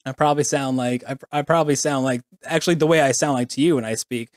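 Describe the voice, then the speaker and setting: A man's voice: mid-range voice, steady tone, fast, no echo, studio quality. An American man with an American accent, co-hosting a casual podcast and rambling jokily. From United States. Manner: jokey, rambling, plugs his channel. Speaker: podcast co-host. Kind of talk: casual chat.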